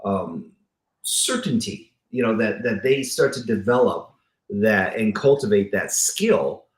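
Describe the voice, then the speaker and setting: A man's voice: on the low side, animated, slow, reverberant. A man from Southern California hosting a podcast interview, talking casually with many false starts and restarts and calling his guest brother. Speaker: podcast host.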